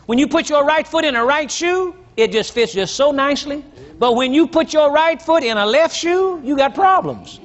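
Older male pastor, very high lively voice, emphatic teaching sermon, muffled lo-fi tape. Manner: emphatic preacher, slow drawn-out scripture reading, asks the congregation questions. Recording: dull lo-fi sermon recording.

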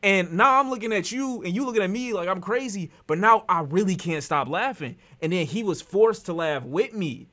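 A man streaming and reacting to a clip in animated, profane casual chat, often breaking into laughter. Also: high-pitched, moderate pace, hardly any pauses.

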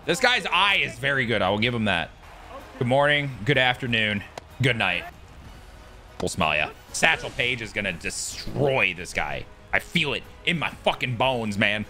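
Excitable man with a lively, bright voice. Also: lowish voice. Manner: excitable, swears, yells at big plays. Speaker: gaming YouTuber. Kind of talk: live gameplay commentary.

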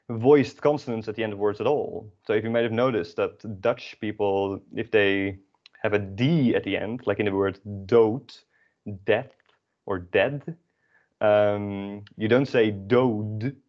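Lower-voiced man teaching, joking dryly. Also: highs cut off. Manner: casual, self-mocking explanations with many fillers. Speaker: Dutch language teacher. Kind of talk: online class lecture.

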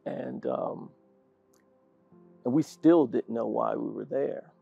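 An older man, a guest in an interview, telling an animated story and laughing often. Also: medium pitch, slow pace, creaky, slightly rough, faint music behind. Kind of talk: storytelling anecdote in conversation. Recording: dull lo-fi sound.

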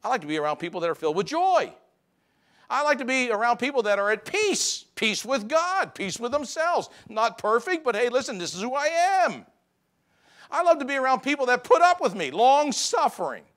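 A male pastor delivers a Sunday sermon in a church sanctuary, talking to the congregation in a conversational way. His voice sits high for a man and swings widely, climbing for emphasis and then sinking low and quiet. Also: sing-song, brisk. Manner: conversational preaching, rising for emphasis and dropping low.

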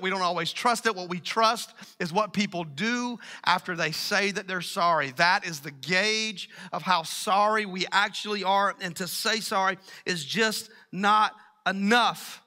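A middle-aged man preaching a sermon as pastor, energetic and calling out to the congregation. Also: high-pitched, normal speed, few pauses.

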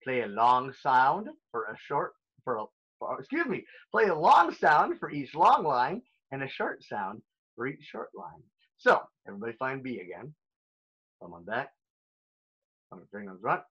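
Upbeat male music teacher, lively and bright. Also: medium pitch, normal speed, husky, lo-fi sound. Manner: upbeat, playful, talks straight to young children. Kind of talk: recorded online music lesson.

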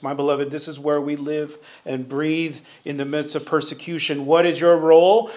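A man preaching a verse-by-verse sermon in a church sanctuary, his voice sitting a little high for a man. He speaks earnestly, lifts his voice to stress his points and asks the congregation to finish his sentences. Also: flat delivery, normal speed, hardly any pauses, a little mellow. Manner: earnest preaching, rising for emphasis, calls on the congregation to answer. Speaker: Bible teacher.

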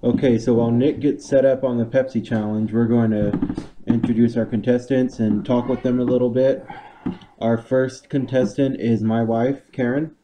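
A man co-hosting a casual podcast, relaxed as he introduces contestants. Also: mid-range voice, normal speed, lo-fi sound, background noise. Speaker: podcast co-host. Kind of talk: casual chat.

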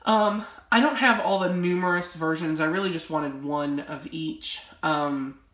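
Her voice low-pitched and fairly bright, a young woman speaks at a measured pace while presenting her collection to the camera from her home library. The vlogger's talk is casual, gushing, and rambling, packed with fillers, and the audio reverberates.

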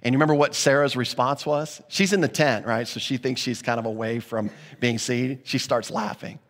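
A man's voice: medium pitch, normal speed, a bit bright. Earnest preacher man in echoing hall. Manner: earnest, conversational preaching with repeated restarts. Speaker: pastor. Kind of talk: sermon.

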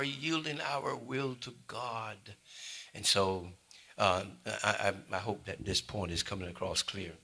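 A man preaching a sermon, swinging between loud calls and quiet asides to his congregation. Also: fairly low pitch, slow, gravelly, husky. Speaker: pastor.

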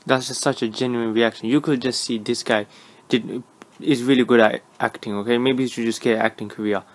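A man's voice: mid-range voice, steady tone, brisk, a little hiss or hum. A young man giving sarcastic, mocking reaction commentary. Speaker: reaction YouTuber.

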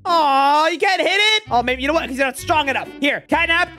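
A woman hosting an animated game video, talking excitedly and often panicking. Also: high-pitched, brisk, few pauses, faint music behind. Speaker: host. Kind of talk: excited narrated game role-play.

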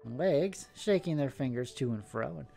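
A man's voice: mid-range voice, lively intonation, moderate pace, creaky, warm tone, soft background music. Man reading a story aloud. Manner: casual asides between narration. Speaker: story reader.

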